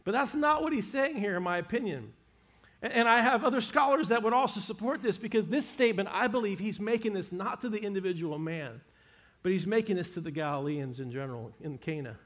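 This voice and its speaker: Man, preacher, sermon, emphatic storytelling, fairly high voice. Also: animated, brisk, a bit bright.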